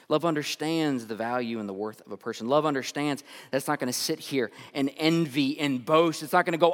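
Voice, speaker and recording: A man's voice: on the high side, fast talker, few pauses. A male pastor giving a conversational sermon, telling stories and often restarting and repeating his words. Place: church sanctuary. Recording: long reverb.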